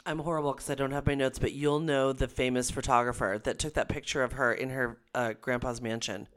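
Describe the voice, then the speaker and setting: A man's voice: mid-range voice, fairly even intonation, fairly quick, fairly bright tone, clean tone. A man co-hosting a podcast, retelling scenes animatedly, quoting others and swearing. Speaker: podcast co-host. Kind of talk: casual chat.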